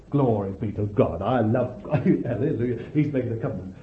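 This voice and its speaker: A man preaching a sermon with fervor, calling out hallelujahs and swinging between loud bursts and hushed words. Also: medium pitch. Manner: slow deliberate delivery, stretching key words. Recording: echoey hall, tinny lo-fi sound.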